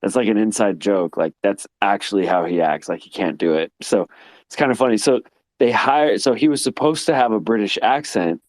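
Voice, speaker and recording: A man from Texas rambles through a casual online voice chat in a fairly low, sleepy voice, laughing and swearing as he goes. His phone mic sounds dry and close, with no room around it. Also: brisk, a little mellow, no room sound. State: sleepy, getting ready for bed. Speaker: guest on a live audio chat room.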